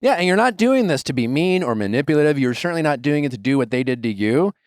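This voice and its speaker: A man's voice: on the high side, big pitch swings, quick pace, no room sound, studio quality. A man in his thirties hosting an advice podcast, talking bluntly and emphatically and swearing freely. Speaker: podcast host giving advice. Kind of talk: casual advice chat.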